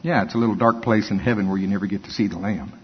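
An older man preaching a sermon, reading scripture and breaking into animated, folksy asides. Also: on the low side, rapid-fire, slightly rough. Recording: dull lo-fi with long hall reverb.

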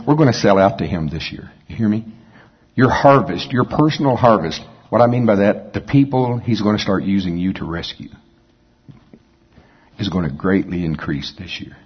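A man preaching a sermon in a folksy, conversational way, breaking off into quick asides. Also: on the low side, slightly rough, muffled recording. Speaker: pastor.

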